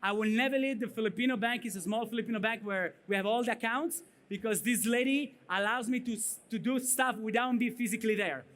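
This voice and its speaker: A man with a thick Italian accent delivers a conference keynote in a high voice. He speaks bluntly and punchily. He keeps checking in with the audience with "right?" and "okay?". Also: fast, few pauses, a bit bright. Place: conference stage.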